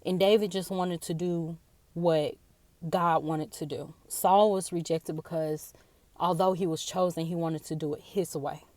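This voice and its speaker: A woman giving a personal devotional talk, earnest and halting, often repeating her words, tearful after a day of crying. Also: lowish voice, fairly even intonation, darkish tone, no room sound. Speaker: faith speaker.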